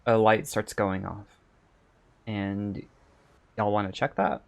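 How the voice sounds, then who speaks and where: A game master narrating a tabletop game and prompting the players in a relaxed way. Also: low-pitched, slow, creaky.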